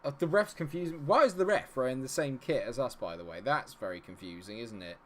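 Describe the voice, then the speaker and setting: A man's voice: mid-range voice, fairly quick. A young man streaming a football management game, chatting to viewers and swinging between cheering goals and fretting over results. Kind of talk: live stream commentary.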